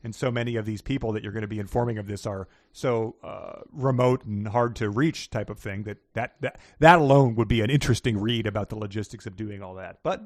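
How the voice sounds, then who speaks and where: A man's voice: lowish voice, fairly quick, hardly any pauses, dry recording, studio quality. A man co-hosting a podcast, chatting casually about a book in a wry, joking way and chuckling often. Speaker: podcast co-host. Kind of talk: casual book-discussion chat.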